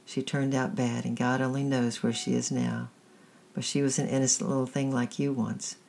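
A woman's voice: a bass voice, level tone, normal speed, a little mellow, slight background noise. A woman reading a storybook aloud, voicing a weary, blunt middle-aged male thief who is kind underneath. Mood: gentle. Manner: blunt, rough, hesitant.

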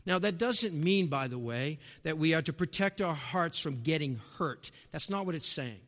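A man preaching a sermon, emphatic, with rhetorical questions, rising to shouts and dropping to a hush, in a church sanctuary. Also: on the high side, lively intonation, moderate pace. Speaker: pastor. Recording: long reverb of a large hall.

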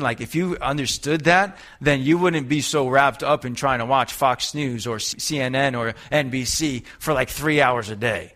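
Bright-voiced male preacher, animated. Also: on the high side. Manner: animated preaching, acts out quoted voices, rhetorical questions. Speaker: pastor. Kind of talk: sermon.

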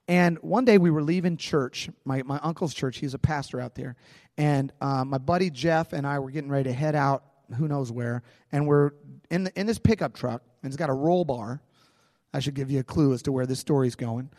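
A male pastor with a slightly high voice tells a personal story during a sermon in a large church hall, sounding conversational and animated. The audio is studio quality.

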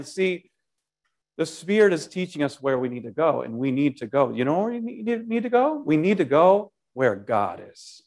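A pastor preaching a sermon, leaning on key words and speaking playfully and directly to the congregation. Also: male voice, on the high side, very animated, normal speed, darkish tone. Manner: emphatic, lingering on key words.

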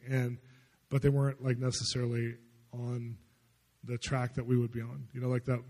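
A man's voice: medium pitch, mellow. A man, a pastor, telling stories in a chatty, conversational sermon full of filler words. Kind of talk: storytelling sermon. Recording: long reverb in a large hall.

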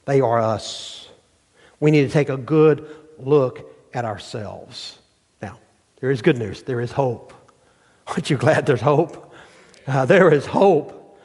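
A man's voice: mid-range voice, slow pace, pauses often, a little mellow, slightly rough. A male pastor preaching a sermon, putting rhetorical questions to his congregation. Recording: long hall reverb.

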